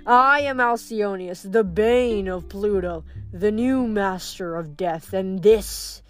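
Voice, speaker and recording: A woman's voice: medium pitch, takes it slowly, soft background music, lightly acted. A woman reading aloud, voicing a huge, boastful male giant villain in a storybook. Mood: gloating. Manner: gloating, grandiose.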